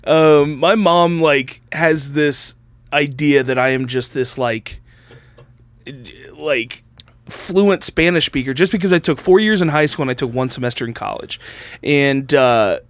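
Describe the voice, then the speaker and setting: A man's voice: a little high, measured pace, dry recording. Young male co-host, loose rambling storyteller, dry mic. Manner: rambling storyteller, many fillers. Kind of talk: casual chat.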